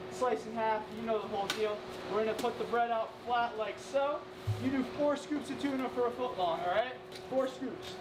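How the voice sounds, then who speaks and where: A chatty sandwich shop worker walks through making a sandwich step by step, in a casual how-to style. The voice sits at a middle pitch. It is heard from a distance in an echoey shop with steady noise behind. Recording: echoey room, from far off, with noise.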